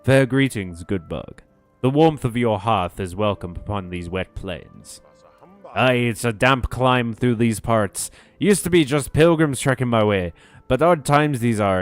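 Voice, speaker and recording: A gruff old bug innkeeper, as a man puts him on, talking in a rustic put-on dialect, hearty and folksy. His pitch climbs a little above the man's usual talk, and soft game music plays underneath. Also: natural voice.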